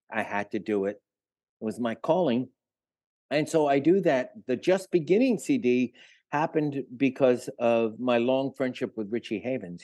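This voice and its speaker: An older man talks as an interview guest in a mellow, low-toned voice. He rambles through stories with lots of fillers and restarts, and the sound is close and dry. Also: dry recording. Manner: rambling, filler-heavy anecdotes. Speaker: retired musician guest. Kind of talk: casual interview storytelling.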